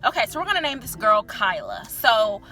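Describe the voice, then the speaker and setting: A woman's voice: a little high, big pitch swings, normal speed, pushed and bright, faint music behind. A young woman vlogger telling a candid personal story in a chatty, filler-heavy way, swearing freely.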